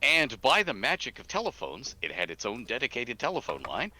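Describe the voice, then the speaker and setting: An older man tells stories with real energy, his pitch swinging widely as he goes. His tone is bright and forceful. He is a guest designer chatting over a remote call. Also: a little fast. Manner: animated anecdotal storyteller, bursts of laughter. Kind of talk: casual storytelling chat.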